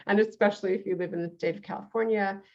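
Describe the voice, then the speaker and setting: A woman's voice: mid-range voice, fairly even intonation, quick pace, a little mellow, lo-fi sound. A woman with a New York accent hosting an interview show, earnest and full of uhs and restarts. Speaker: show host, reverend.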